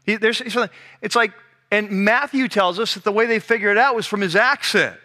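A male pastor giving a conversational, animated sermon, acting out the scenes he describes. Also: high voice, moderate pace.

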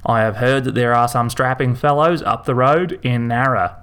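A man's voice: mid-range voice, moderate pace, a bit bright, clean tone, close to an everyday voice. A man voicing a stern, disapproving middle-aged townsman reading a letter aloud pointedly.

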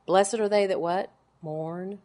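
A woman in her forties preaching a sermon to a gathering of women, pressing her points with emphatic, repeated words and then dropping to hushed, low lines. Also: fairly even intonation, slow pace. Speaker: women's Bible teacher.

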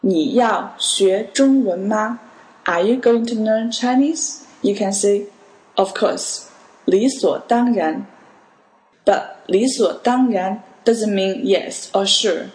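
A woman gives a podcast language lesson, speaking at an unhurried pace with careful explanations. Her voice sits at a middle pitch. The recording carries a noticeable roomy echo. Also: a little mellow. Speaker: language teacher.

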